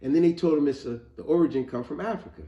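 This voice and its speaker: Male host, casual storytelling lesson, mellow tone, echoey muffled room sound. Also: on the high side, fast talker. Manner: animated storytelling, addresses viewers as family. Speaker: educational video host. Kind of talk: casual spoken history lesson. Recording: roomy, slightly muffled home recording.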